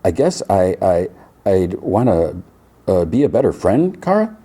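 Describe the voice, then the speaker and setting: A flustered, eager young fellow who trips over his words, his voice jumping high with nerves, as a man acts him out. It sounds like a quick cartoon recap impression. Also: very animated, mellow, husky, heavily acted. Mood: nervous. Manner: stammering, high and jittery. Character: nervous, eager young male photographer.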